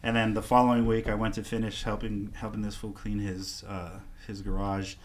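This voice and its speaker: A man in his thirties from Southern California, talking in a relaxed, slangy way. His voice sits fairly low, and he tells his story in loose chat, putting on the voices of the people he quotes. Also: moderate pace, a little hiss or hum. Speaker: guest artist.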